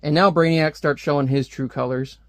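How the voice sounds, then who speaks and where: A man's voice: on the high side, steady tone, moderate pace, dry recording. A man casually reviewing a comic book, rambling and sarcastic as he reads panels aloud.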